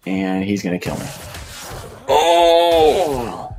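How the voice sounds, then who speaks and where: Streaming a survival game, a North American man talks casually to himself and to the creatures, often saying words more than once. His voice is on the low side and expressive, paced normally, with slight background noise. He is a gaming streamer.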